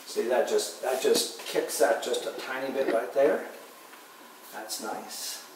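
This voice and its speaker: A man giving a relaxed painting demonstration, talking softly and unhurriedly, often trailing off quietly as he works. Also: medium pitch, slow pace, noisy background. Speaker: painting instructor. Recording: distant mic in an echoey room with faint ambience.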